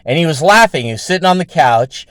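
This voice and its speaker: A man's voice: a little high, animated, quick pace, fairly bright tone, no echo. A man hosting his own show, telling a story in a rambling, casual way with heavy swearing and lots of fillers. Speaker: show host.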